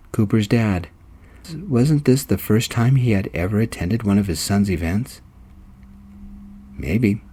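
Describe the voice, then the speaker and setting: A man reading his own romance story aloud, steady and even. His voice is low and mellow, with a soft, dark warmth. The narration is scripted and calmly paced. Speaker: storyteller and reader.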